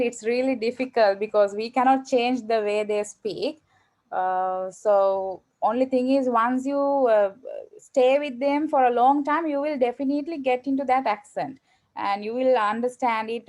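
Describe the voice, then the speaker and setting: A woman's voice: on the high side, measured pace, a little mellow. A woman English teacher, answering students' questions in an online class, encouraging and hesitant. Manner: encouraging, hesitant with many fillers. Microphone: video call.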